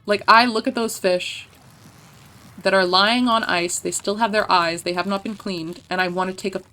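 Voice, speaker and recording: A woman's voice: medium pitch, steady tone, moderate pace, sharp tone. A woman streamer chatting casually while playing, rambling and playful, swearing freely. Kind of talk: casual gameplay chat.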